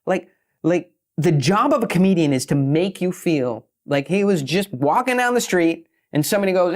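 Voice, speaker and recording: Man, slightly high voice, podcast guest; brash, swears freely, races then slows down for emphasis. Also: lively intonation. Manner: brash, profane, fast bursts with emphatic slowdowns. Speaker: guest, pitching expert. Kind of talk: podcast interview talk.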